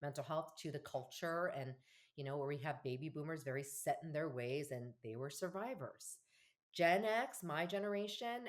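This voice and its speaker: A woman in her fifties, a family therapist talking in an interview, animated and acting out quoted dialogue with laughs. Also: sits low. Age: 50s. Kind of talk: conversational podcast interview.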